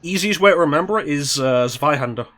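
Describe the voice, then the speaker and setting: A man's voice: on the high side, lively intonation, quick pace, fairly bright tone, no echo. Casually swearing man. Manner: swears freely, self-deprecating about his accents. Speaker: co-host reading a script. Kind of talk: casual chat.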